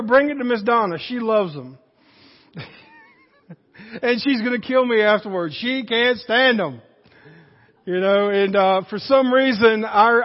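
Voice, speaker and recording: Folksy high-voiced pastor preaching. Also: male voice. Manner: folksy, joking, animated preaching. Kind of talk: sermon. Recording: dull lo-fi audio with long church reverb.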